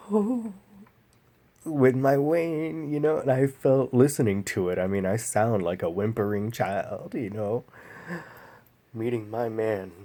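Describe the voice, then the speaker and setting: A man vlogging a personal story in a slow, halting, emotional way, pausing often. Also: medium pitch, warm tone.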